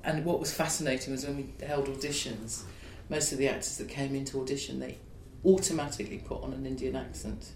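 A man's voice: steady tone, fairly quick, hardly any pauses, darkish tone. A man, a playwright, being interviewed, explaining his work in a reflective, discursive way. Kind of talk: conversational interview. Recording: echoey room with faint rumble.

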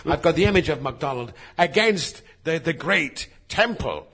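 A man's voice: fairly high pitch, animated, normal speed, a bit bright, husky. A man, an actor, spinning a theatrical, rambling comic story as an improvised tale. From England.

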